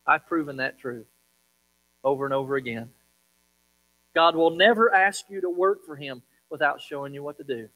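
Male pastor, a touch high-pitched, dramatic sermon delivery with sharp loud-soft swings, faint hum. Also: normal speed, long pauses, poor audio.

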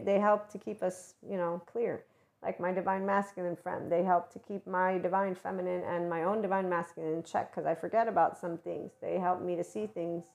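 Woman hosting a new-moon guidance talk, playful and animated, slips into excited asides. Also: medium pitch, creaky. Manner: animated, playful, acts out enthusiastic voices. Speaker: channeled guidance host. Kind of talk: spiritual monologue.

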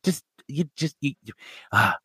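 A man's voice: mid-range voice, measured pace, slightly rough, dry recording, clean studio sound. A man talking as a podcast guest in casual chat, profane and rambling as he tells stories. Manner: profane, rambling, animated storyteller.

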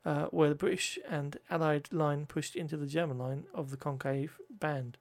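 A man's voice: a little high, steady tone, normal speed. A man reading history notes aloud, often stumbling over words, correcting himself and adding joking asides.

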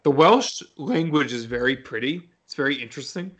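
A young man chatting casually as a podcast co-host, his voice sitting at an ordinary middle pitch. He is talkative and excitable, often breaking off mid-sentence and starting again. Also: brisk, husky. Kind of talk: casual chat.

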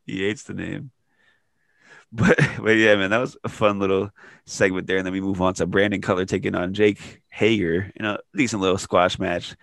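A man co-hosting a podcast, recapping wrestling in casual chat, excitable and laughing often. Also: sits low, moderate pace, gravelly, no room sound, clean studio sound. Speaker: podcast co-host.

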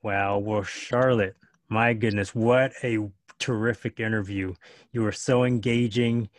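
A man's voice: fairly low pitch, fairly even intonation, unhurried, no room sound, studio quality. A man hosting a podcast, effusive and gracious, often repeating his words as he thanks his guest and signs off. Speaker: podcast host. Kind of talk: casual interview talk.

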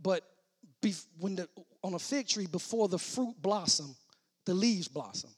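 A man preaching a sermon, starting as casual teaching and building to loud shouted preaching, repeating and restarting his words. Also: high-pitched, animated, a little slow, slightly rough.

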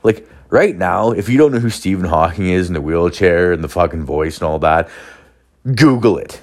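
A man with a fairly low voice, talking alone into a podcast mic at home. He rambles through his story with constant swearing and filler words. His delivery is loose and unscripted, like a running rant. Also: expressive, normal speed. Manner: profane, rambling, filler-heavy. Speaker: podcast host.

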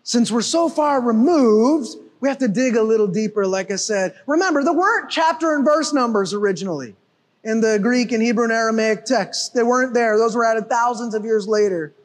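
A pastor with a very high voice delivers a sermon a little fast, animated and emphatic, frequently shouting to drive a point home. A long reverb makes it sound like it was recorded in a church hall.

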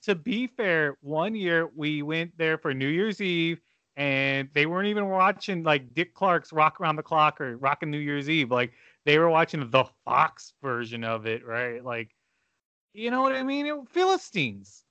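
A man chatting on a podcast in a bright, forceful voice that sits a little high. He rants sarcastically and throws in mock outbursts. The recording is close and dry. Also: animated, a little slow, clear, resonant tone, no room sound, dull audio. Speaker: podcast co-host. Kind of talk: casual chat.

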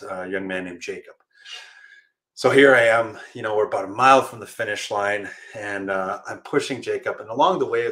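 Middle-aged male guest, low bright voice, lively storyteller who laughs a lot. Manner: animated storyteller, laughs often, acts out quoted voices. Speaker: guest, motivational speaker and firefighter. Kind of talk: storytelling interview answer.

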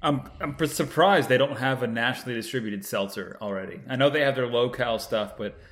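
A man's voice: medium pitch, a little fast, a bit bright. A man co-hosting a podcast, bantering in a teasing, jokey way. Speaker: podcast co-host. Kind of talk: casual chat.

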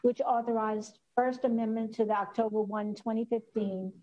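Woman clerk reading a resolution, flat monotone, muffled remote audio. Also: on the high side, moderate pace.

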